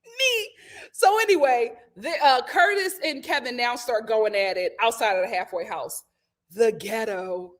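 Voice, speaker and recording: A woman's voice: a little high, measured pace, a bit bright. A woman hosting a casual recap of a reality TV show, retelling scenes dramatically with gasps and acted-out quotes. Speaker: host of a reality TV review show. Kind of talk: casual recap to a live audience.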